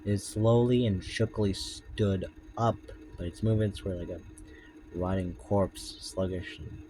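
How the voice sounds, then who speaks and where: A man reading his own story aloud in a low, deep voice at an unhurried pace. He drops into loose, casual asides now and then, and faint music sits in the background. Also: steady tone, rough recording. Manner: breaks off to explain and swear casually.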